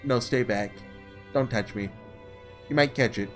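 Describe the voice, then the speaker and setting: A man voicing a calm, dying young man. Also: medium pitch, unhurried, faint music behind, lightly acted. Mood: wry.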